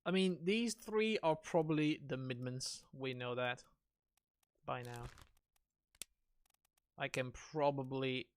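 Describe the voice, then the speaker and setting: A man's voice: medium pitch, takes it slowly, long pauses, smooth, no echo. A man streaming a game, chatting casually and musing aloud, asking himself questions. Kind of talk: casual gaming commentary.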